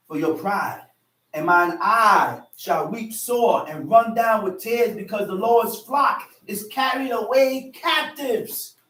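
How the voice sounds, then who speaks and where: A man's voice: extremely high pitch, a bit bright. A male preacher giving an emphatic, repetitive sermon, reading scripture and restating it in slang. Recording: echoey room, far from the mic.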